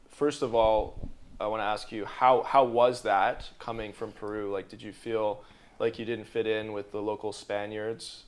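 A man hosting a podcast, asking questions eagerly and interjecting with quick reactions in a casual interview. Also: fairly low pitch. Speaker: podcast host.

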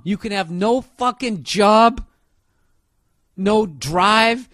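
High-pitched ranting man, dry sound. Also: drawn-out words, fairly bright tone, no echo. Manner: ranting, sarcastic, heavy swearing. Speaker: comedian. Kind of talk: profane comedic rant.

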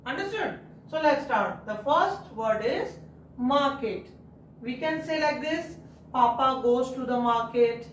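A woman's voice: high voice, slight background noise. A woman teacher, patiently guiding young children through a writing lesson, repeating and spelling words out. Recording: echoey room, mic at a distance.

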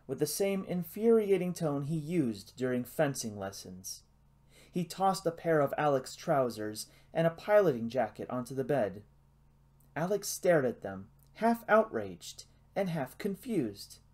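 Male audiobook narrator, hushed suspenseful storytelling. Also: medium pitch, lively intonation, measured pace.

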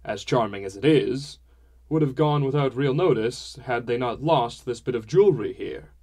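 A man voicing a hearty, showy middle-aged merchant father who talks with booming, forced cheer. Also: normal speed, a little mellow, lightly acted. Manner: booming, jovial, with fake cheer. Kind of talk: audiobook character voice.

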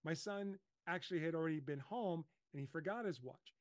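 A middle-aged man hosting a casual coaching talk, telling lively stories and acting out his own panicked voice. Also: fairly high pitch, brisk, no echo. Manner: animated storyteller, acts out his own panicked voice. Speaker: host.

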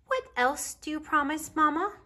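A woman voicing a small, curious young male bear cub in a children's storybook reading, eagerly asking question after question in a breathy voice. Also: high-pitched, sing-song, normal speed, sharp tone, voice pushed up, full character voice.

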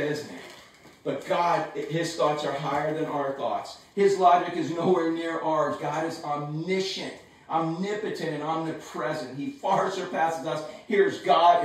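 A man preaching a sermon from his home in a casual, animated way with slangy asides. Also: a little high, very echoey, distant mic, poor audio. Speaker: pastor.

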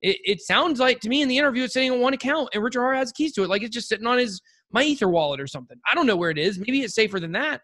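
High-voiced joking male podcast host. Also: lively intonation, very fast, few pauses, bright, forceful tone. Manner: rambling, joking, with many restarts and "like" fillers. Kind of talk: casual podcast chat.

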